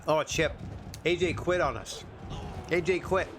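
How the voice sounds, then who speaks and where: A man's voice: a little high, normal speed, background noise. A man streaming a wrestling management game, chatting casually in a rambling, self-deprecating way. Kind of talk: casual gameplay commentary.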